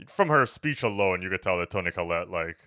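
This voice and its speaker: Fast-talking, bright-voiced male podcast host. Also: lively intonation, no echo, studio quality. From United States. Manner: rambling, swears freely, full of "like" and "you know"; jumps into loud high mock voices for quoted lines. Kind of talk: casual movie review chat.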